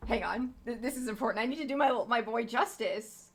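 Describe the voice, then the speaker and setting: A young woman streams a video game, rambling casually through her commentary with plenty of fillers and offhand swearing. Her voice is fairly high and fairly quick.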